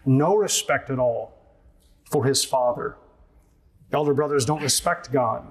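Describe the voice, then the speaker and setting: A man's voice: mid-range voice, unhurried, long pauses. A man preaching an expository sermon as a pastor, earnest and emphatic, repeating his key phrases for weight.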